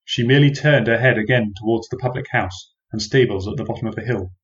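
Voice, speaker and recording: A man's voice: lowish voice, muffled recording. Wry man narrating an old-fashioned tale. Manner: measured, wry and old-fashioned formal phrasing. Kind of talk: first-person storybook narration.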